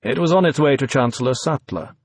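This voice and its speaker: A man reading aloud, voicing a reserved, dryly witty masked man in a calm, understated way. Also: mid-range voice, brisk, breathy edge, no room sound.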